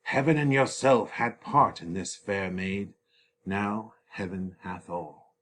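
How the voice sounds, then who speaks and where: A man reading aloud the part of a calm priest consoling a grieving family, measured and grave. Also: sits low, a little hiss or hum.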